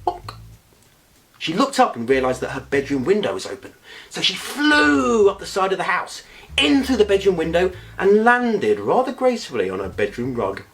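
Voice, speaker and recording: Playful, expressive bedtime storyteller, a man. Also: high-pitched, moderate pace. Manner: playful, expressive, with comic asides.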